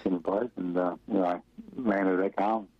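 The interview features a middle-aged Australian man from Western Australia reminiscing about his football career, rambling with fillers and chuckling as he goes. He speaks in a low, steady voice at normal speed, heard through dry, dull lo-fi radio audio.

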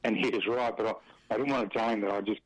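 Here a middle-aged Australian man from Western Australia, his voice on the low side with fairly even intonation, tells football career stories at a quick clip. It's a relaxed, rambling interview peppered with fillers and laughs. The audio is dry, dull lo-fi radio without any room sound.

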